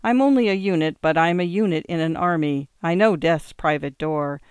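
A man's voice: a little high, moderate pace, smooth, dry recording, clean studio sound, lightly acted. A man voicing a bitter, despairing young man in an audiobook reading, with an intense, rising theatrical delivery. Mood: feverish.

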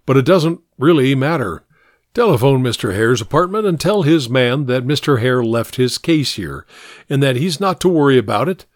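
A man doing a chilly, self-important doctor who speaks in clipped, stiff phrases with a lively rise and fall. It has the feel of a storybook reading, with the voice close and dry. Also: mid-range voice, normal speed, no echo, close to an everyday voice. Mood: brisk. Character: cold, proud, nervous male doctor.

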